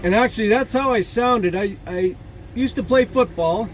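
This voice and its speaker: A trucker vlogger in his forties chats casually at a moderate pace in a high-pitched voice, telling rambling, jokey stories with fillers and laughter. Faint outdoor traffic can be heard.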